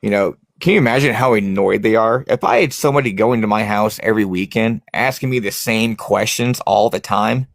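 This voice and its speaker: A man, a paranormal investigator, chatting casually and telling his investigation stories in an animated way. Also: fairly low pitch, brisk, vocal fry, hardly any pauses, no echo, clean studio sound. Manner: animated storyteller, acts out scared reactions. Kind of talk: casual chat.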